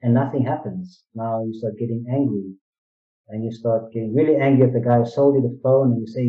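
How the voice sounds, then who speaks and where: This interview guest talks quickly at a medium pitch, earnestly working through his points with analogies, rhetorical questions, and repeated phrases. A distant, dull-sounding mic leaves the recording roomy.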